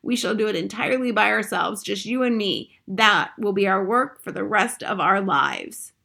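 A woman's voice: medium pitch, moderate pace, creaky, pushed and bright. A woman voicing a feisty, bossy old grandmother who talks in a commanding, emphatic way in a storybook reading.

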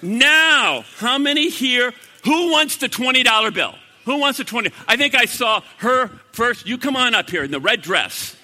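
A man preaching an evangelistic sermon to a live audience, swinging from loud bursts to hushed, earnest talk. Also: extremely high pitch, very animated, moderate pace, few pauses. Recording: long reverb of a large hall.

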